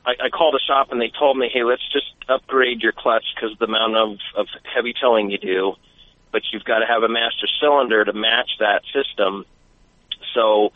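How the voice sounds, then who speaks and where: A man calling into a radio show, asking his questions politely and a little hesitantly. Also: mid-range voice. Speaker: caller. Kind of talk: phone-in question. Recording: phone line.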